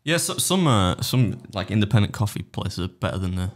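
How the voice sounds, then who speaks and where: A man, chatting casually on a podcast. His voice sits slightly low, and he rambles, restarting sentences and laughing at his own jokes. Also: big pitch swings, a little fast. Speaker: podcast co-host. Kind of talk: casual banter.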